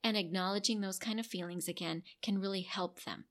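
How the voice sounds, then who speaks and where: A middle-aged woman talks parents through coping tips at an unhurried, patient pace. Her voice sits at an ordinary middle pitch, and she slips into soft sample lines meant for a child. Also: steady tone. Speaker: parenting educator. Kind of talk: instructional talk to parents.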